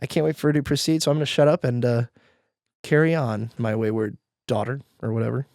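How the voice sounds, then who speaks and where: A man's voice: mid-range voice, fairly even intonation, fast, creaky, darkish tone, no echo, studio quality. A young man co-hosting a podcast, chatting casually and joking in a teasing way. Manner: jokey, teasing, swoops into a mock-grand voice. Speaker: podcast co-host. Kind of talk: casual chat.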